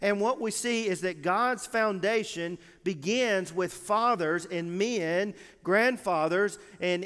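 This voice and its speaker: Male pastor preaching, high voice, emphatic with deliberate pauses, long church reverb. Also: fairly bright tone, smooth. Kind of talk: sermon. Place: church sanctuary.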